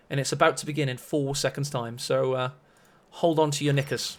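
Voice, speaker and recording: A man's voice: mid-range voice, steady tone, brisk, hardly any pauses. A man casting a strategy-game match on a live stream, chatty and rambling with self-mocking asides. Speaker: esports caster.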